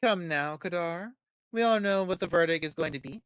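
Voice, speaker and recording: A game streamer reading the lines of a poised, persuasive female vampire patron aloud in a dry, close recording, measured and coolly confident. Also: mid-range voice, fairly bright tone, clean tone, no room sound, close to an everyday voice.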